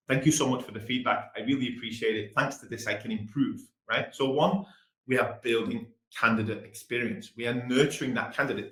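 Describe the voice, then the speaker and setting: Fast-talking English man presenting a webinar. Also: medium pitch, fairly bright tone, echoey room, low-quality recording.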